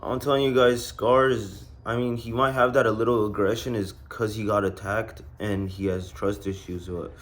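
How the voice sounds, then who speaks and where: A man's voice: lowish voice, little pitch movement, moderate pace, few pauses. A young man in his twenties telling a vlog story, blunt and profane, in a subdued way. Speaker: vlogger.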